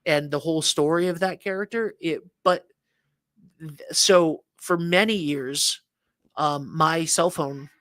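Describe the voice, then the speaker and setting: Rambling man, slightly high voice. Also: slow, fairly bright tone, dry recording. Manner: rambling storyteller, many restarts and fillers. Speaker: co-host. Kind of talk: casual morning show chat.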